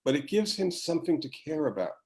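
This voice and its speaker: A man's voice: a little high, big pitch swings, fast, rough recording. Older man telling stories rambly. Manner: rambling, warm storytelling with restarts. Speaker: podcast guest, former children's TV writer. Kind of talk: casual chat.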